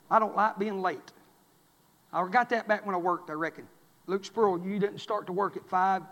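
A male pastor preaching a folksy sermon, swinging from quiet asides to loud exhortation. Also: extremely high pitch, long reverb tail. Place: church sanctuary.

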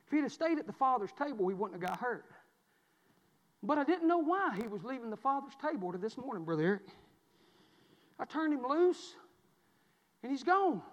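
A man preaching a sermon, swinging from quiet storytelling to shouted preaching. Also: very high-pitched, sing-song, normal speed, pauses often, big-room sound, muffled recording. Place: church.

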